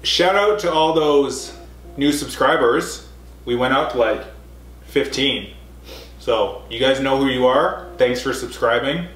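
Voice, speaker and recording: A man's voice: medium pitch, slow, fairly bright tone, echoey room. A young man co-hosting a casual couch vlog, joking dryly while reading out trivia. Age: young adult. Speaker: vlog co-host, athlete. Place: home living room couch.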